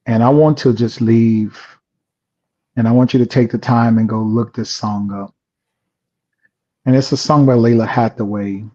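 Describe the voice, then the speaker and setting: A man's voice: medium pitch, warm tone, lo-fi sound. A man co-hosting a podcast, giving an earnest, sermon-like closing reflection. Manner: earnest, affirming, sermon-like wrap-up. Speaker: podcast co-host. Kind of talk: casual podcast talk.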